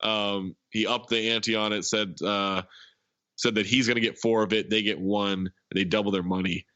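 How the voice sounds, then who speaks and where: A man's voice: fairly low pitch, level tone, moderate pace, bright, forceful tone, dry recording, dull audio. A man hosting a podcast, casually retelling a movie's plot in a rambling way. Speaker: podcast host.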